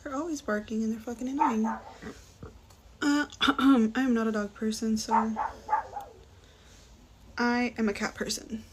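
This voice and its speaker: A woman's voice: on the high side, fairly even intonation, measured pace, pauses often. A young woman who works as a restaurant server, chatting through a profane get-ready-with-me storytime in a casual way. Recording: faint background noise.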